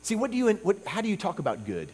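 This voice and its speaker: A man preaching a revival sermon in a conversational way, often checking in with "okay?" and "you know", swinging between soft asides and loud emphatic bursts. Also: high voice, wildly swooping pitch, fast, slightly rough.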